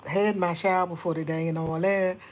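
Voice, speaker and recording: Her voice is on the low side, delivered flatly at an ordinary speed. A middle-aged livestream host, she chats and rambles with viewers, laughing often and sometimes speaking softly to keep things quiet.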